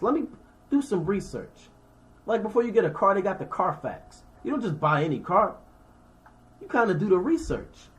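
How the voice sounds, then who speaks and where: A man teaching scripture informally, reading verses and explaining them in a slangy, conversational way while checking in with his listeners. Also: high voice. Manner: reads verses then explains them with everyday examples.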